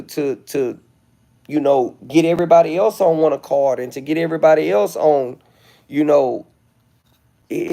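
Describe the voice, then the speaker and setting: A man's voice: a little high, vocal fry, dark tone. A middle-aged man, rambling self-assuredly in a casual livestream monologue, with flashes of indignation. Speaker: livestream host.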